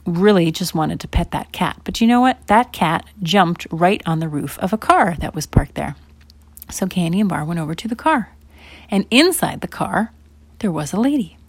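A woman telling a children's bedtime story, animated and swinging between loud emphasis and whispers. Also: lowish voice, gravelly, no room sound.

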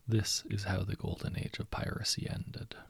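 A man softly narrating a story from a writing prompt in a hushed voice. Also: low voice, little pitch movement, normal speed, creaky, slightly rough, no room sound, studio quality.

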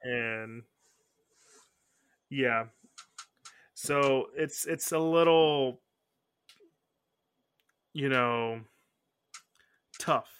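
He hosts a podcast and speaks very slowly, leaving long pauses in his casual, meandering chat and frequently restarting sentences to fix them. The medium-pitched voice is clean and fairly bright.

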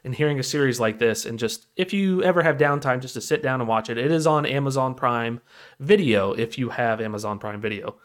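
A man's voice: medium pitch, a little fast. A man co-hosting a casual podcast chat, rambling and laughing at his own stories. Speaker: podcast co-host.

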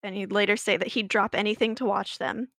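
A podcast co-host with a fairly bright mid-range female voice speaks fairly quickly in a steady tone. She tells a story in a chatty, laughing way, full of fillers and restarts. Studio quality, with no room sound.

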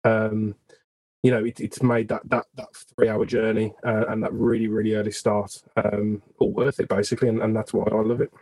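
A man's voice: on the low side, flat delivery, a little fast, darkish tone, rough recording. A man with a Birmingham accent, a guest photographer on a podcast, talking earnestly and at length, repeating words as he tells how it feels. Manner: earnest, repetitive, storytelling. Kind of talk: casual podcast chat.

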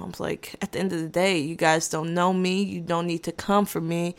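A woman with a slightly low-pitched voice tells a casual story time as a podcast host. Her delivery is dry and sarcastic, full of restarts and asides, and she sounds unbothered throughout. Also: flat delivery, normal speed, gravelly, hardly any pauses.

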